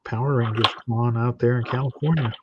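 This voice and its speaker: A man's voice: medium pitch, fairly quick, lo-fi sound, heavy background noise. A man talking casually as a guest artist on a live stream, rambling with lots of fillers. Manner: relaxed, rambling with many fillers.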